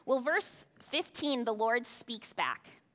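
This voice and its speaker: A woman's voice: fairly high pitch, big pitch swings, slow, fairly bright tone. A woman pastor giving a sermon, talking conversationally with rhetorical asides to the congregation. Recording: long hall reverb.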